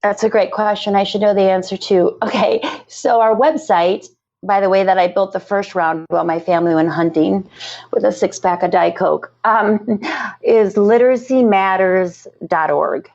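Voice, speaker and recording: A woman's voice: mid-range voice, fairly even intonation, normal speed, vocal fry, darkish tone. A woman, a nonprofit founder, talking earnestly and passionately in a podcast interview, often repeating herself. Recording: muffled lo-fi audio.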